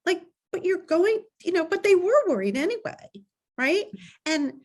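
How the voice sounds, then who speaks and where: A woman's voice: very high voice, big pitch swings, normal speed, a little mellow. A middle-aged woman, a parenting author and coach, giving earnest advice over a video call and acting out what a parent might say. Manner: earnest, acts out parent and child quotes.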